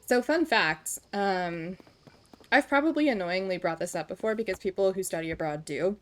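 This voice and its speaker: A woman's voice: mid-range voice, expressive, normal speed. A woman in her twenties from Kansas with an American accent, chatting casually on a live stream in a self-deprecating, giggly way. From Kansas, USA.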